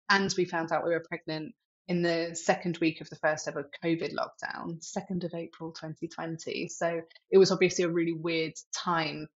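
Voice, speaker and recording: Woman in her thirties, low voice, candid reflective interview answers, lo-fi sound. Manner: open, reflective, many fillers like "like". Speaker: tech executive, guest.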